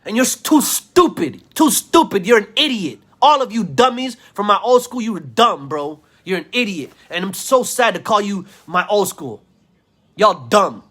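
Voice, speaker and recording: A man's voice: sits high, very animated, moderate pace, pushed and bright. A man ranting in a video commentary, insulting his listeners, repeating himself and stammering through restarts. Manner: insulting, repetitive, heated rant. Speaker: vlogger.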